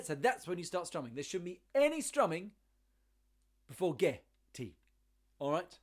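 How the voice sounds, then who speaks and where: A man's voice: a little high, very animated, normal speed, pauses often, slightly rough. Upbeat man teaching ukulele. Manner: encouraging, counts beats aloud, sings along. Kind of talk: online music lesson.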